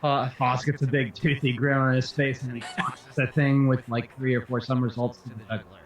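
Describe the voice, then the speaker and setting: A man's voice: medium pitch, level tone, moderate pace. A man playing a tabletop game who describes his character's actions in the third person. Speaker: player. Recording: roomy, from far off the mic.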